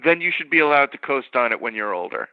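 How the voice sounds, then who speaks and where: A man co-hosting a podcast in casual chat, giving measured, opinionated commentary. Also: mid-range voice, sing-song, smooth, no room sound, dull audio. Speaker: podcast co-host.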